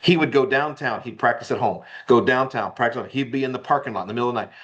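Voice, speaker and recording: A mid-pitched man tells a personal story as a podcast guest. He gets excited and repeats phrases, pushing the tale along. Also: rapid-fire, muffled recording. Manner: animated, repetitive storyteller. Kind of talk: casual storytelling interview.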